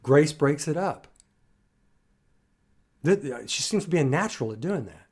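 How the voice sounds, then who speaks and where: A man's voice: on the high side, lively intonation, unhurried, darkish tone, breathy edge. A man hosting a music reaction, talking in casual commentary and restarting and repeating words as he muses. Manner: musing, restarts and repeats words while analyzing.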